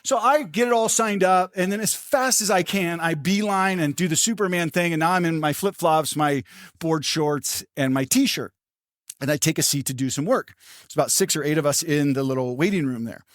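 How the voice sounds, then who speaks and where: An older man preaching a sermon as pastor, telling a story with animated, acted-out quotes. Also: on the high side, moderate pace, no room sound, studio quality.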